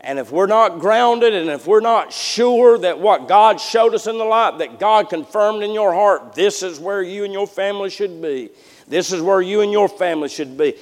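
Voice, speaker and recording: High-voiced preacher in a reverberant church. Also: male voice, expressive, normal speed. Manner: folksy, repetitive restarts, swings from hushed to loud. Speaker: pastor. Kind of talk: sermon. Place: church sanctuary. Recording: long hall reverb.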